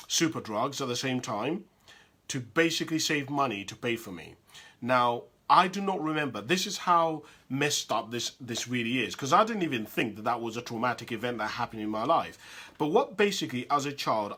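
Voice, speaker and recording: A man from Uganda giving a candid, reflective personal talk, often pausing and restarting his sentences. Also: mid-range voice, bright, forceful tone. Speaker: speaker sharing personal reflections.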